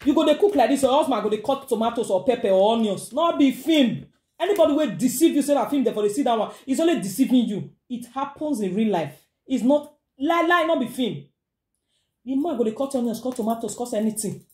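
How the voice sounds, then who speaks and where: Nigerian woman, relationship advice vlog, animated, mellow tone, roomy echo. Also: a little high, brisk. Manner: animated, acts out quoted voices, mixes in pidgin. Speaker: vlogger giving relationship advice. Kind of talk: casual advice monologue.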